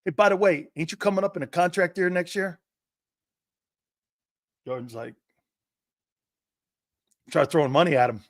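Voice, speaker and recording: Brash profane sports talk host, dry sound. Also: male voice, on the high side, normal speed, pauses often, no echo. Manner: brash, profane, acts out quoted conversations. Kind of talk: sports radio monologue.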